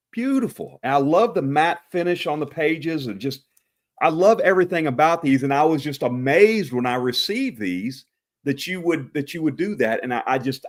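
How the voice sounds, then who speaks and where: A man with an East Texas drawl hosts a casual live chat show. His voice sits in an ordinary middle pitch, and he rambles along with plenty of uhs and restarts. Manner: rambling, many fillers and restarts. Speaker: host.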